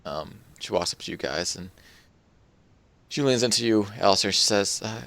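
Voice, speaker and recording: Deep, gravelly male game master. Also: animated, normal speed, fairly bright tone, dry recording. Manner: loose and chatty, full of "like" and "kinda". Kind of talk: narrating a tabletop game.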